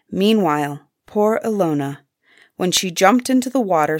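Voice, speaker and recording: A woman narrating a fairy tale aloud in an expressive storybook style. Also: fairly low pitch, unhurried, no room sound, studio quality.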